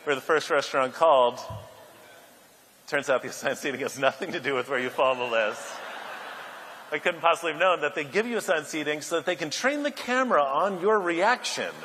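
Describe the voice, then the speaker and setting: A man giving a keynote speech at a luncheon, an animated storyteller who builds to loud outbursts. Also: on the low side, slight background noise. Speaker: keynote speaker. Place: large banquet hall. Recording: echoey hall, faint ambience.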